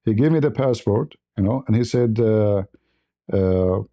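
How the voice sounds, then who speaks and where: A man's voice: lowish voice, a little slow, warm tone. A man from the Middle East, host of a live stream, telling a story in simple learned English, laughing often and acting out the dialogue. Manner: speaks English as a learned language, simple phrasing. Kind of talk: casual storytelling.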